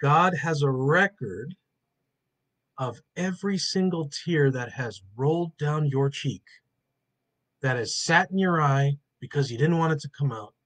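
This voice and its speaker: A man teaching a Bible study and then praying, earnest and emotional, slowing down to lean on key words. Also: on the high side.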